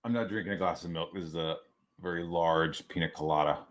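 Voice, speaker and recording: A man's voice: sits low, brisk. A man hosting a livestream show, casually telling stories about being a father, swearing freely and restarting his sentences. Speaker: father of young daughters.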